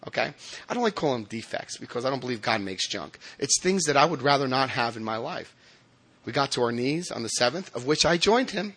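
A man from New Jersey telling his recovery story to a meeting, animated and self-mocking, with laughs and restarts. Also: mid-range voice, fairly quick, husky. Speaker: recovering alcoholic speaker.

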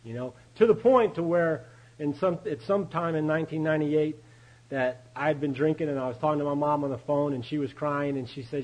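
A man's voice: a little high, brisk, darkish tone, poor audio. A man speaking at a recovery meeting, giving a candid personal testimony, storytelling and chuckling often.

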